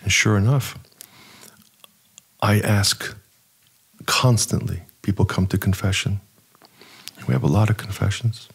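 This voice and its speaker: Older male cleric, deep and gravelly, animated storyteller. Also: a little slow, pauses often. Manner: animated, acts out dialogue, repeats words for emphasis. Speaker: archpriest, interview guest. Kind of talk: anecdotal storytelling in an interview.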